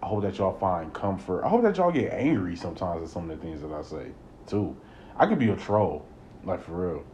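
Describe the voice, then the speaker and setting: A young man hosting a solo podcast, talking into a close mic in a rambling way, repeating words and working himself up into animated rants. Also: sits low, a little fast, muffled recording, a little hiss or hum. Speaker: podcast host.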